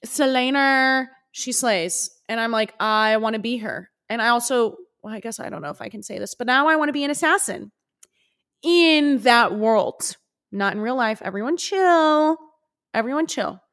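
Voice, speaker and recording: Bubbly young woman rambling on her podcast, kinda high voice, super excited. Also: moderate pace. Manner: bubbly, gushing, animated. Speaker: podcast host. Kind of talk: solo casual podcast chat.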